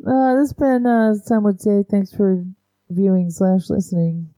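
Woman podcast co-host, halting and rambly, dry close sound. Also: medium pitch, mellow, no room sound, rough recording. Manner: rambling, halting, full of "like" fillers. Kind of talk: casual chat. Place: home, recording remotely.

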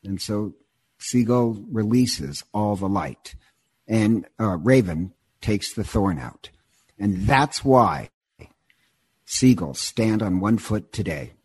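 A man in casual conversation, retelling a myth in an animated, digressive way and often repeating words as he goes. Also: on the low side, slow pace, husky.

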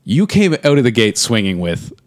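A man's voice: mid-range voice, big pitch swings, normal speed, no echo. A man co-hosting a podcast in casual chat, playful and dry as he announces categories. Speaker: podcast co-host.

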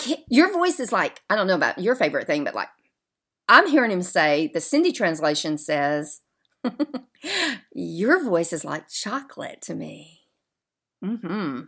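A woman hosting a faith podcast, talking in an emphatic, heartfelt monologue that sometimes drops to soft murmurs. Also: a little high. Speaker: podcast host.

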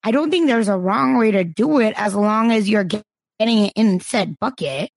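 A woman's voice: medium pitch, normal speed, vocal fry, no room sound. A woman co-hosting a podcast, giving opinionated, emphatic commentary in casual chat with sassy asides. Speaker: podcast co-host.

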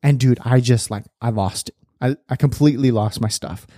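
A man in his thirties talks casually on his podcast, a chatty host who laughs often. His voice is mellow and warm. The recording is dry and close. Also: mid-range voice, moderate pace, dry recording.

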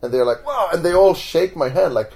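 Animated man telling a story. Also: on the high side, fairly quick, vocal fry. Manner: animated, acts out voices in his stories. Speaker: magician guest. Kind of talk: casual storytelling in interview. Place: home.

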